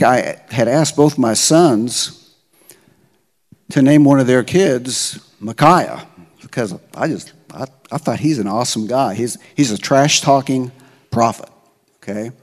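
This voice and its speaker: Middle-aged pastor preaching in a reverberant hall. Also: male voice, medium pitch, lively intonation, a little slow. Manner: casual, slangy retelling with frequent "okay?" check-ins. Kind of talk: conversational sermon storytelling. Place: church sanctuary. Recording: long church-hall reverb.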